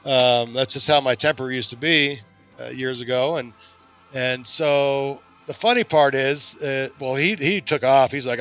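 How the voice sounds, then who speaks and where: A man hosting a podcast, telling a self-deprecating story in a lively, casual way. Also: mid-range voice, a little slow, muffled recording, soft background music. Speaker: podcast host.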